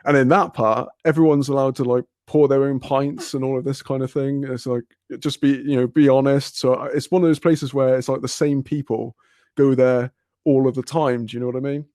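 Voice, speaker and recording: A man's voice: medium pitch, fairly even intonation, brisk, a little mellow, dry recording, studio quality. A man telling a long casual story on a podcast, rambling, swearing and laughing often. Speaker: podcast host.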